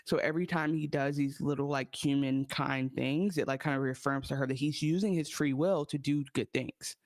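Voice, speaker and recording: A woman's voice: rumbling low, steady tone, moderate pace, a little mellow, no room sound, studio quality. A woman co-hosting a podcast, chatting casually about an episode with lots of filler words. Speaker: podcast co-host. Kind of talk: casual recap chat.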